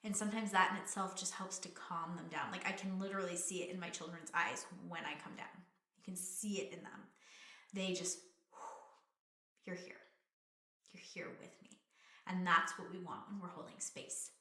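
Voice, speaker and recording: Earnest bright-voiced parenting coach woman. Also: fairly low pitch, fairly even intonation, brisk, roomy sound. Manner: earnest, gentle, talks straight to the viewer. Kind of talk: direct-to-camera parenting advice.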